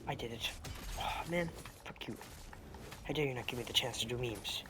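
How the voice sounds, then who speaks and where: A man's voice: mid-range voice, moderate pace, background noise. A young man gives casual gameplay commentary, rambling through a story and correcting himself as he goes. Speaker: gaming video creator. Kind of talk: casual commentary while playing and telling a story.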